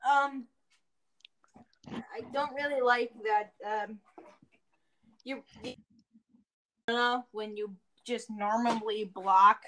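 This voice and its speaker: A woman's voice: a little high, steady tone, very slow, long pauses, sharp tone, slight background noise, rough recording. A woman hosting a casual game review podcast, recapping the story in a rambling, jokey way. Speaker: podcast host.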